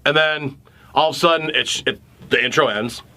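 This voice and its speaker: Bright-voiced man telling a heated story. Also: a little high, moderate pace. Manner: animated, profane storytelling. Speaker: podcast co-host. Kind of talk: casual chat.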